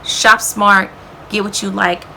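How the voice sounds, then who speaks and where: Bright-voiced, gushing beauty vlogger woman. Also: medium pitch, level tone, takes it slowly, gravelly, slight background noise. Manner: enthusiastic, addresses viewers as y'all and girl; frequent "okay?" tags. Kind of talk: chatty product favorites video.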